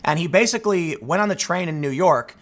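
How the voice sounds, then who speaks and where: A man hosting a commentary show, ranting to his audience in an emphatic, animated way. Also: on the high side, fairly quick. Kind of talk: opinion rant to camera.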